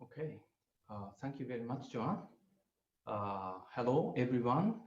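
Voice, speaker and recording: A man's voice: mid-range voice, expressive, darkish tone. Older Japanese-accented man, hesitant lecturer. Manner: hesitant, many pauses and fillers. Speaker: guest lecturer. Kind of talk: webinar presentation. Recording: roomy, slightly muffled audio.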